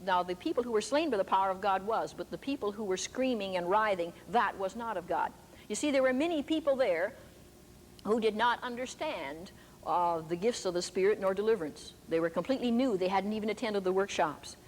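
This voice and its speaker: A woman's voice: medium pitch, animated, fairly quick. Older woman preaching in an echoey hall. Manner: emphatic storytelling. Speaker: preacher and teacher. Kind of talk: sermon. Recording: echoey hall with faint background noise.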